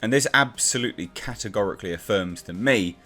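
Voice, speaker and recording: A man's voice: fairly low pitch, fast, pushed and bright, faint music behind. A man reviewing a comic book in a casual, exasperated and sarcastic rant.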